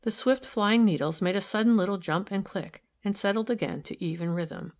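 A woman narrating a novel in a calm, even storytelling manner. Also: medium pitch, moderate pace. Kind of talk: audiobook narration.

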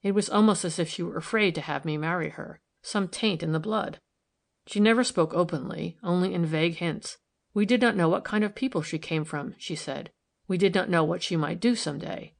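A man's voice: high-pitched, moderate pace, gravelly. A woman reading the lines of a troubled young man who speaks soberly and wistfully in an audiobook.

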